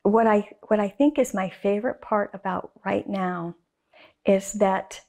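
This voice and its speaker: Female guest, enthusiastic storyteller, emphatic, mid-pitched voice. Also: unhurried, vocal fry, mellow. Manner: enthusiastic, emphatic, with repeated phrases. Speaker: guest artist. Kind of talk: interview storytelling.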